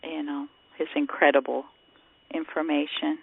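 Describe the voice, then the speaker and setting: A man calling into a radio show with soft interjections and brief questions, over a phone line. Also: fairly high pitch, level tone, moderate pace, vocal fry, breathy edge. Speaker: caller. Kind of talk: call-in radio chat.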